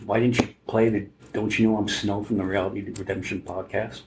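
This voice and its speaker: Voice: deep voice, flat delivery, fairly quick, noisy background. A podcast co-host chiming in with teasing jokes and suggestions during casual chat.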